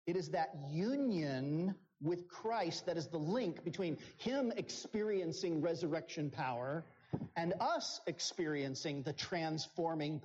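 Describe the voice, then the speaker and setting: Slow, deliberate male preacher. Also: fairly high pitch, darkish tone. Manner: slow, deliberate preaching with emphatic rises on key phrases. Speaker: pastor. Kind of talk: sermon. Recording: dull, lo-fi sound.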